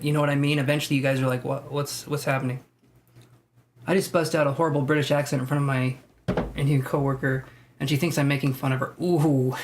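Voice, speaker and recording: A man hosting a live tarot stream, chatting casually and joking as he reads out viewer comments. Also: on the high side. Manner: chatty, jokey, laughs often. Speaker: tarot livestream host. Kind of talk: casual livestream chat, reading viewer comments.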